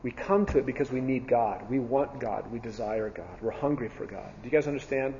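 A man's voice: medium pitch, a little fast, mellow, a little hiss or hum. A man teaching a Bible class in a church setting, earnest, repeating key phrases with frequent ums and restarts. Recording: dull sound with long reverb in a hall.

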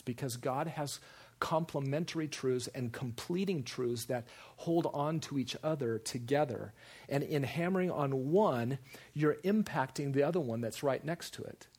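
Husky animated male preacher. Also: mid-range voice. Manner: animated, repetitive emphasis, acts out quoted voices. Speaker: preacher or teacher. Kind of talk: sermon.

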